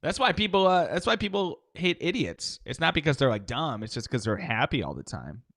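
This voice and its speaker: A man co-hosting a podcast in casual comic chat, laid-back, with short replies and quiet laughs. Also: on the high side, big pitch swings, a little fast, vocal fry.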